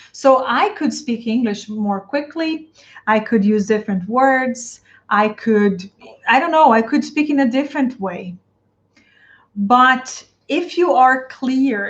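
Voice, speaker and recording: Coaching English teachers on a live stream, a Brazilian woman with a Brazilian Portuguese accent and a slightly high voice answers viewer comments and speaks directly to the audience. She repeats her phrases, and the stream audio is dull and lo-fi.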